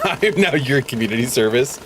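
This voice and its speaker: A man's voice: mid-range voice, expressive, moderate pace, slight background noise. A man streaming games, chatting casually, swearing freely and laughing in disbelief. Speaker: gaming streamer.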